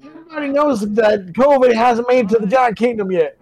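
A man with a high voice trades crude, dry wisecracks while watching a movie with his co-host. His riffing is casual and offhand. Faint music sits in the background. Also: brisk, darkish tone. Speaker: podcast co-host.

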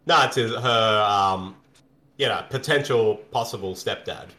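A man's voice: lowish voice, a little slow, bright, forceful tone. A man giving casual, joking commentary while watching a movie, often laughing at his own wry lines. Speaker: co-host.

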